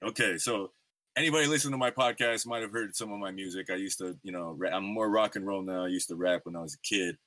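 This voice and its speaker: Male podcast host, 30s, slangy and rambling, lowish voice, close and dry. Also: fast talker, bright, forceful tone, no echo. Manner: laid-back slangy storytelling with lots of fillers. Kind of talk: casual interview chat.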